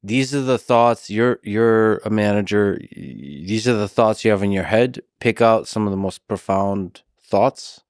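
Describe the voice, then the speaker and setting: Soft-spoken host guy, lowish voice, asks questions, dry sound. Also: unhurried, hardly any pauses, clear, resonant tone, no echo. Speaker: podcast host. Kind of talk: interview.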